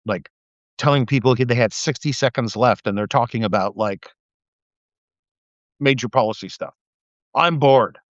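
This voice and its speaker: A man's voice: medium pitch, moderate pace, pauses often, dry recording. Casual man ranting on a livestream. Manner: animated storytelling, acts out quotes in a raised voice. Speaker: live stream host. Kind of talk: casual monologue. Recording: slightly dull lo-fi sound.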